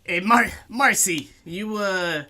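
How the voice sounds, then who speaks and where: A man's voice: high voice, slow pace, bright, forceful tone, pitched above the performer's own voice, exaggerated voice. A man voicing a sarcastic male orc doorman with a clipboard, pushy and mocking.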